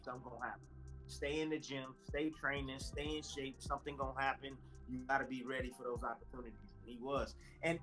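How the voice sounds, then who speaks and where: Guy in his 40s, ex-boxer now analyst, tells stories loud and lively, does all the voices. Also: medium pitch, low-quality recording. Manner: animated, acts out quoted dialogue. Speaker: boxing analyst, former fighter. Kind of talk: casual interview storytelling.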